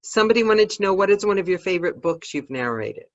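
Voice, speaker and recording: A woman host asks her guest questions in a curious, encouraging way, and her pitch moves up and down a lot. The audio is dull and lo-fi, like a muffled call. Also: lively intonation, fast talker. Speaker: podcast host. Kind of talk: interview questions.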